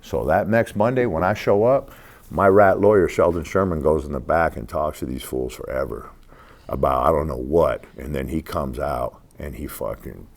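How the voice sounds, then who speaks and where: This is a man in his sixties with an extremely low, rumbling voice. He tells his stories in a loose, streetwise way, full of swearing. He slips into the voices of the people in his stories as he quotes them. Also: moderate pace, gravelly. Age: 60s. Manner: profane, streetwise storytelling; acts out other people's lines in quoted voices. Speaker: interview guest. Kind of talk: casual storytelling interview.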